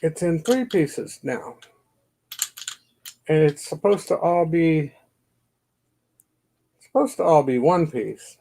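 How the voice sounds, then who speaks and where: Slow, gravelly middle-aged man rambling. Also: a little high, expressive, dark tone, a little hiss or hum. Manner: rambling, self-deprecating, mutters to himself. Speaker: YouTube channel host. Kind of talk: casual chat to camera. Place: home basement.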